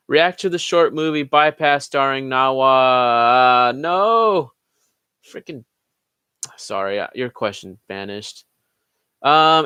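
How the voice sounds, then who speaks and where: A man's voice: medium pitch, fairly bright tone, clear, resonant tone, no echo. Casual man reading live chat questions. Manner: reads questions aloud, then answers offhand with profanity. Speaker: channel host answering live chat questions. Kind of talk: casual livestream Q&A.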